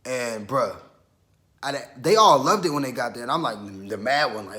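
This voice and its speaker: A young man from Georgia telling a story in a casual, slangy, profane way, quoting himself as he goes. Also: medium pitch. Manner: animated, quick retelling with self-quotes. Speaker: vlogger.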